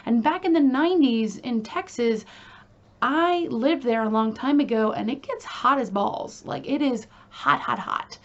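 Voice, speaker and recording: A woman's voice: sits high, measured pace, lo-fi sound. A woman hosting a casual true crime video, talking in a chatty, emphatic way with frequent fillers and asides.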